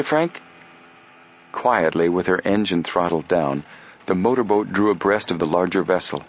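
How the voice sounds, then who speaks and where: Deep-voiced man narrating a story. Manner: steady, measured storytelling. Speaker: audiobook narrator. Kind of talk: scripted narration.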